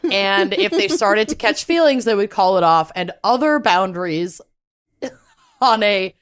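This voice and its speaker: Lively woman telling a story. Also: mid-range voice, a little slow. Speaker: podcast host telling the case. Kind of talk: casual chat.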